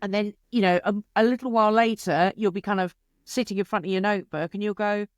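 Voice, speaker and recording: A woman, a creativity expert answering interview questions in an animated, chatty way, with quick asides and playful quotes. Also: mid-range voice, no room sound, clean studio sound.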